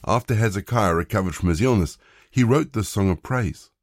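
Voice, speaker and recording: A man giving a scripted Bible reading with measured, even narration. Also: on the low side, no echo, clean studio sound. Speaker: scripture reader.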